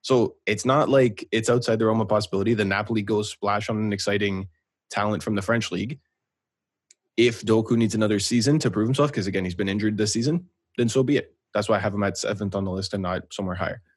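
A man's voice: fairly low pitch, quick pace, breathy edge, no echo, clean studio sound. A man co-hosting a podcast, chatting casually about football and often checking in with "right?". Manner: talkative, keeps asking "right?". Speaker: podcast co-host. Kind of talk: casual sports chat.

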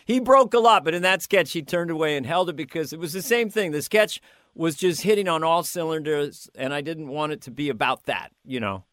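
An older man, a comedian guest in a casual interview, telling animated stories with laughs and stammered restarts. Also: a little high, a little fast, dry recording, studio quality. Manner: animated storyteller, laughing and stammering through anecdotes.

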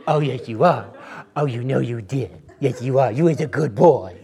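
A man doing gravelly dog-owner baby talk. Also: mid-range voice, moderate pace, mellow, close to an everyday voice. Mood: cooing. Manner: sing-song baby talk.

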